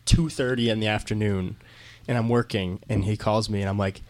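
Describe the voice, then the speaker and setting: A man's voice: lowish voice, steady tone, fairly quick, a little mellow. A man co-hosting a podcast in a casual chat, telling joking stories and mimicking others. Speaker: podcast co-host.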